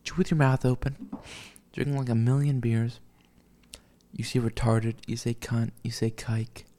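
A man's voice: medium pitch, fairly even intonation, unhurried, dark tone. A drunk young man rambling alone, profane and meandering, with mumbled asides. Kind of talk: rambling solo monologue.

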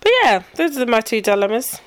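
A woman's voice: on the high side, animated, brisk, smooth. A young woman co-hosting a podcast, laid-back and agreeable in casual chat. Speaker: podcast co-host.

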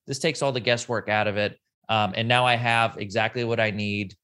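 A man's voice: on the low side, fairly even intonation, brisk, pushed and bright, clear, resonant tone. A man co-hosting a podcast, chatting casually with friends in a jokey, teasing way and reading an ad. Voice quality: jokey, teasing, laughs often. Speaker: podcast co-host. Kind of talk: casual chat with friends, ad read.

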